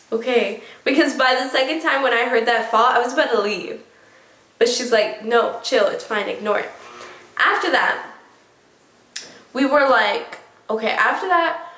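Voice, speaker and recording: A young woman vlogger telling a story casually and excitably, full of "like" and "oh my gosh". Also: on the high side. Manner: excitable, many fillers like "like" and "oh my gosh". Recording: echoey room.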